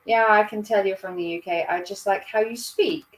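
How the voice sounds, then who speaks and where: A woman's voice: mid-range voice, fairly even intonation, normal speed, distant mic. Giggly woman with a Norfolk accent. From Norfolk, England. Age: 30s. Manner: chatty, giggly, self-mocking. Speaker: livestream host. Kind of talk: casual chat reading viewer comments.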